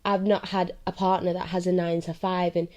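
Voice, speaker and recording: A woman's voice: fairly low pitch, flat delivery, fairly quick, a little mellow. A young woman vlogging a candid, confessional monologue, rambling and often checking that the listener follows her. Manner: rambling, keeps asking "do you know what I mean".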